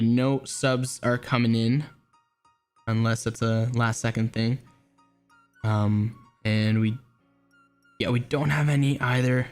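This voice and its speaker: A man's voice: medium pitch, darkish tone, clear, resonant tone. Chatty man casting an esports match. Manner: chatty, rambling, frequent restarts and fillers. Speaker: esports caster. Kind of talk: casual tournament commentary.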